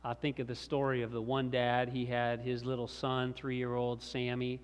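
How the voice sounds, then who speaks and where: A man's voice: mid-range voice, completely flat delivery, normal speed, clean tone. A middle-aged man preaching a sermon in a conversational storytelling manner with chuckles, as the pastor. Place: large church sanctuary. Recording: reverberant church hall.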